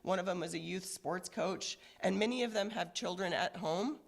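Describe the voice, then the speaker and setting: A hoarse woman police commander speaks at a press conference, recovering from an illness. Her voice is gravelly and full of fry, and she talks in a measured, earnest way with plenty of ums. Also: lowish voice. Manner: measured, earnest, with frequent fillers.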